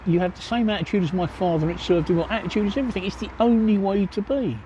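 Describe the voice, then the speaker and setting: Blunt older English man, mellow tone. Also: high-pitched, racing, lo-fi sound, slight background noise. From England. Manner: blunt, joking, matter-of-fact. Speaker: livestreamer answering viewer chat. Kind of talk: casual chat Q&A. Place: outdoors by a pub. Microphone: cell phone.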